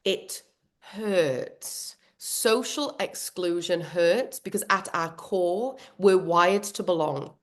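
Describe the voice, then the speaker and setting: A woman leading an online workshop on a video call, animated and quick to laugh, often acting out what goes on in people's heads. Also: fairly low pitch. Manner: animated, laughs often, acts out inner voices. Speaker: workshop trainer. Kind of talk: live online workshop talk.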